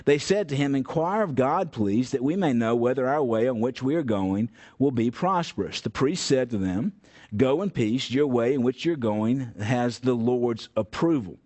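A man's voice: mid-range voice, expressive, moderate pace, a little mellow. Folksy man teaching scripture. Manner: conversational, many fillers and restarts, folksy asides. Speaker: Bible study teacher. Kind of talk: teaching a Bible study, reading scripture aloud and explaining.

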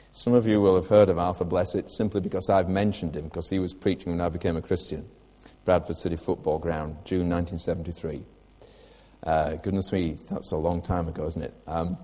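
A man's voice: low voice, dark tone, in a large hall. An older man preaching a sermon in church, earnest, putting direct questions to the listeners.

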